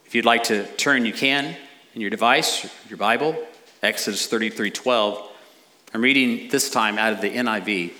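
A middle-aged man preaching a sermon as a pastor, animated with dramatic pauses. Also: fairly low pitch.

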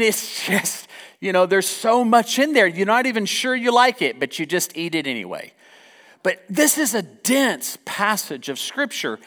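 A male pastor preaching a sermon, reading scripture aloud with lively, joking asides to his congregation. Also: on the high side.

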